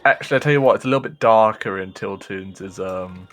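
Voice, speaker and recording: A man's voice: fairly low pitch, fast, fairly bright tone, faint music behind. A man casually commentating a live speedrun race, joking and chatty with frequent laughs.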